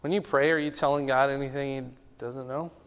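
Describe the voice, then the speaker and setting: A man's voice: mid-range voice, fairly even intonation, a little fast, clean tone, long reverb tail, highs cut off. A male pastor preaching, reading scripture aloud with rising emphasis and explaining it in a casual way, asking the listeners rhetorical questions. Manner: asks the audience rhetorical questions. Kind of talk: sermon.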